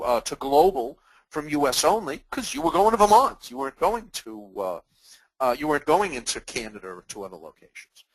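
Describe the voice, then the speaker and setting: A man's voice: a little high, no echo, poor audio. A middle-aged man from Massachusetts presenting a webinar, acting out sample dialogues and cracking small jokes. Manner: animated, acts out customer dialogues, self-deprecating jokes. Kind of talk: webinar talk with examples.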